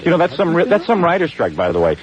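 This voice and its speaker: Fast-talking blunt radio host man. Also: a little high, huge pitch swings, slightly rough, muffled recording. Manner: blunt, teasing, rapid-fire joking. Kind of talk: radio talk show banter. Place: radio studio.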